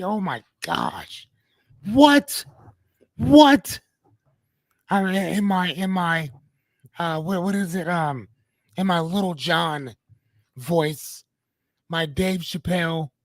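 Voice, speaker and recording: A man with a high voice hosts a casual livestream, rambling playfully with his viewers and greeting them by name. There's no echo on the recording.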